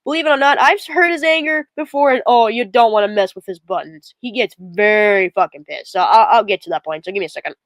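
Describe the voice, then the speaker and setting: Chatty host, loose filler-heavy commentary, dry mic. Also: female voice, medium pitch, quick pace, few pauses, dry recording. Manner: rambling, filler-heavy, talks to viewers. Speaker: show host. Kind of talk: casual commentary over a played clip.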